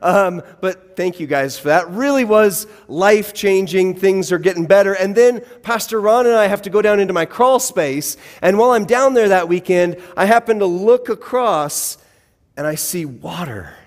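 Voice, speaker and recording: High-voiced pastor in a reverberant church hall. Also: male voice, moderate pace, hardly any pauses. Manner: wry, self-deprecating conversational humor. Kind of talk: sermon with personal storytelling. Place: church sanctuary.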